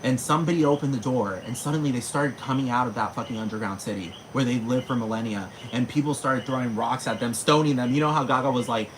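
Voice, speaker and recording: A man's voice: fast talker, hardly any pauses, background noise. Profane, ranting man. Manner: profane, slangy, animated ranting with dramatic pitch jumps. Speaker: vlogger. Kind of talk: casual rant to camera.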